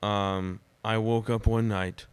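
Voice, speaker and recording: A man who is a podcast guest, telling personal stories in a dramatic, animated way during casual conversation. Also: lowish voice, slow pace, smooth, no echo.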